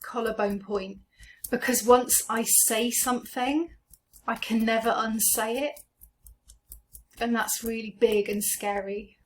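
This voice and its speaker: A woman leads a guided tapping session in a soft, soothing way. She names each tapping point and voices worries for the listener to repeat. Her voice sits a little higher than most women's. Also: fairly even intonation, a little hiss or hum. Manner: slow, gentle, soothing guidance. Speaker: EFT tapping coach.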